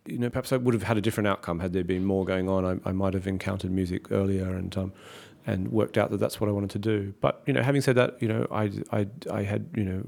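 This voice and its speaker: A man's voice: lowish voice, creaky, a little mellow. A middle-aged Australian man with an Australian accent, talking thoughtfully as an interview guest, with frequent restarts. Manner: thoughtful, many restarts and fillers. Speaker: conductor and author guest. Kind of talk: reflective interview talk.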